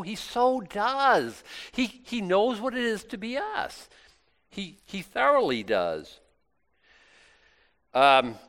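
A man's voice: on the high side, a bit bright. A middle-aged man preaching a casual, conversational sermon, acting out little asides and laughing now and then. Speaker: pastor.

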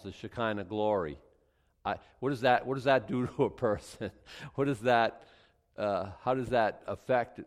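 A man's voice: mid-range voice, in a large hall. A man teaching a Bible study in a casual, conversational way, reading scripture aloud then commenting with frequent restarts.

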